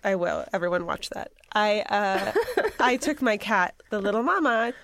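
A woman's voice: mid-range voice, expressive, moderate pace, fairly bright tone, dry recording, studio quality. A woman hosting a casual podcast, talking bluntly and enthusiastically with sarcastic asides and casual swearing. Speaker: podcast host. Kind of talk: casual chat.

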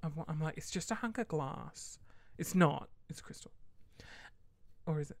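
A woman's voice: low-pitched, normal speed, dry recording. A woman hosting a casual solo podcast, rambling chattily and acting out quoted voices with sudden whispered asides. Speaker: podcast host.

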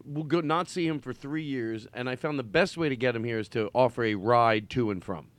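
A man's voice: medium pitch, a little fast, no echo. Joking male podcast host. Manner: chatty, joking, rambling. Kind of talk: casual chat.

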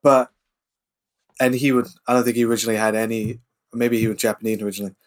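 A man's voice: on the low side, flat delivery. Wry joking man on a podcast. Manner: wry jokes, swearing, quick quips. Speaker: podcast co-host. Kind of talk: casual film podcast chat.

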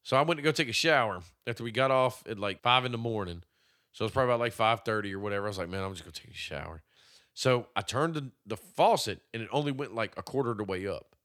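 A man's voice: medium pitch, fast, a bit bright. A man co-hosting a podcast, telling stories in a profane, laid-back way and laughing often. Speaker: podcast co-host. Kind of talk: casual chat.

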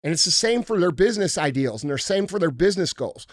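A man's voice: sits high, lively intonation, fast talker, no room sound, clean studio sound. Blunt, profane man ranting on a podcast. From United States. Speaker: podcast host. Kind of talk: casual podcast talk.

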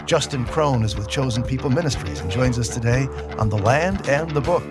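A man's voice: mid-range voice, animated, brisk, over loud music. A man hosting a radio program, asking friendly conversational questions to his guests. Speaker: radio show host. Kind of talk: radio interview.

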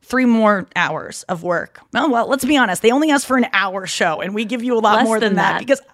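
A woman's voice: on the high side, animated, fast, fairly bright tone, dry recording, studio quality. A woman hosting her own podcast, talking in a rambling, self-correcting, confessional way. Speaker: podcast host. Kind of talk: casual chat.

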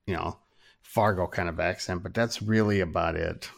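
A man's voice: sits low, steady tone, normal speed, gravelly. A man from Minnesota, a photographer, talking as a podcast guest with dry, self-deprecating humor. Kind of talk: casual interview chat.

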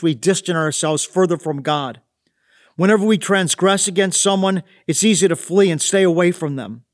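Brief: high-pitched man reading a devotional with earnest, reflective delivery. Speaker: devotional host. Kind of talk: scripted devotional narration.

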